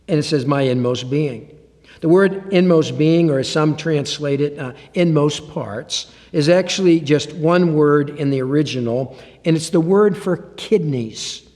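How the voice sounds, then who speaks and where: A man leads a Bible teaching as a pastor, talking in a conversational way with touches of gentle humor. His voice sits somewhat high for a man. The sound carries a long reverb tail, as if in a large hall.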